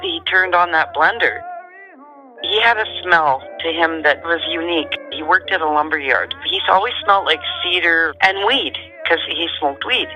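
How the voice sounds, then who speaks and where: A middle-aged woman tells her own story in a calm, matter-of-fact way. Her voice has a very sharp, bright edge. Soft music plays faintly underneath. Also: lowish voice, normal speed, poor audio. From Canada. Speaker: guest. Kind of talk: telling a personal story.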